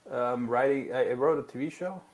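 A man's voice: mid-range voice, a little fast, a little mellow. A man from Germany, a guest writer in casual chat, rambling with filler words and laughing at his own jokes.

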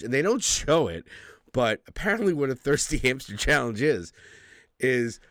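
A man in his forties, co-hosting a casual podcast chat, telling animated stories with lots of laughs and casual swearing. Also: mid-range voice, normal speed. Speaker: podcast co-host.

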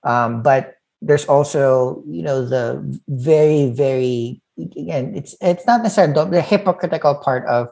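A woman's voice: low-pitched, normal speed, creaky, mellow, lo-fi sound. A woman co-hosting a casual podcast, musing in trailing thoughts with playful interjections. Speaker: podcast co-host. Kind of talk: casual chat.

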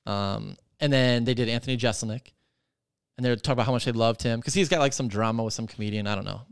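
A man's voice: medium pitch, fast talker, creaky, clear, resonant tone, no room sound, studio quality. A man hosting a podcast, ranting in casual chat with lots of swearing and filler words. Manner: profane, rambling, animated ranting with many fillers. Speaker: podcast host.

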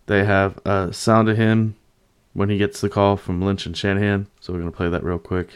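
A man's voice: low voice, little pitch movement, moderate pace, smooth. A man hosting a casual sports commentary, upbeat and loose with plenty of fillers. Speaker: podcast host.

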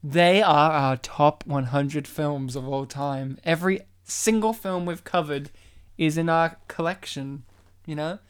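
A man's voice: fairly high pitch, measured pace, smooth. A man co-hosting a casual comedy podcast, teasing and sarcastic. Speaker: podcast co-host.

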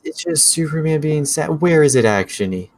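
A man's voice: on the high side, animated, normal speed, darkish tone. A young man chatting casually about movies, ranting and sarcastic.

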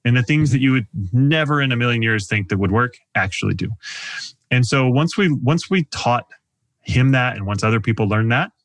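A man's voice: medium pitch, lively intonation, normal speed, a bit bright, no room sound. A man coaching on sales in a podcast interview, talking animatedly and acting out customer dialogue.

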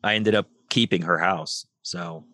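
Middle-aged male guest, low voice, dry close sound, animated storyteller who plays out each line of dialogue. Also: measured pace, no echo. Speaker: podcast guest. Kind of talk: storytelling interview.

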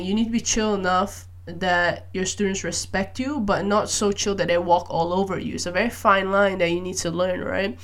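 A young woman hosts a relaxed solo podcast and chats freely. She keeps a lively, animated flow and fills her sentences with casual "like"s. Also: medium pitch. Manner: chatty, animated, frequent "like" fillers. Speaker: podcast host.

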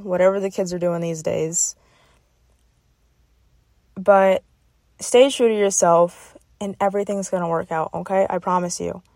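A woman's voice: mid-range voice, darkish tone, no room sound, clean studio sound. A young woman hosting a motivational podcast, speaking in an encouraging way and often checking in with "okay?". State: getting emotional. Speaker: podcast host.

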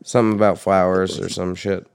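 A young man in casual chat about music, talking loosely with swearing and jumping up in pitch when he quotes himself. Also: little pitch movement, brisk, creaky, smooth, dry recording.

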